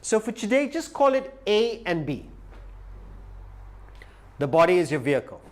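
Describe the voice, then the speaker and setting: High, lively male lecturer. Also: normal speed. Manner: animated storyteller, acts out quoted voices. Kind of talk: live lecture with storytelling. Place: lecture hall.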